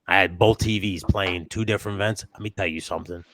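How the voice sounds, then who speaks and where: A man's voice: sits low, steady tone, fast talker, a bit bright, no echo. A young man co-hosting a casual wrestling podcast, talking loosely and swearing freely. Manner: loose, profane, laughs and does mock wrestler voices. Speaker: podcast co-host.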